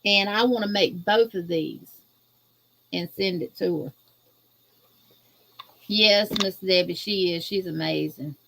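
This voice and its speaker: A woman from Louisiana with a Southern accent, guest-hosting a crochet livestream and chatting casually with viewers, greeting them in a folksy, drawn-out way. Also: fairly low pitch, vocal fry, fairly bright tone, slight background noise. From Louisiana, USA. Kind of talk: casual livestream chat reading viewer comments.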